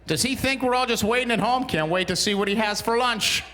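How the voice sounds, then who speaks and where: A man's voice: extremely high pitch, animated, fairly quick, hardly any pauses, sharp tone. A man in his forties doing a stand-up comedy routine on a small studio stage, telling dry, exasperated stories with punchlines.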